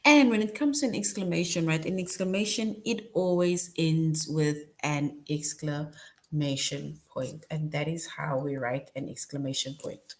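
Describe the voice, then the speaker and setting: A woman teacher explaining a grammar lesson to young children, patient and repetitive, often checking in with "right?". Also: sits low. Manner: patient, repeats points, tags "right?" often; slow, deliberate.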